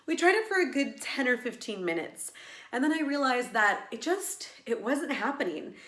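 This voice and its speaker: A woman's voice: sits high, big pitch swings, moderate pace, fairly bright tone, roomy sound. A woman who teaches laughter yoga, talking earnestly and reflectively in a personal vlog, with many fillers and restarts.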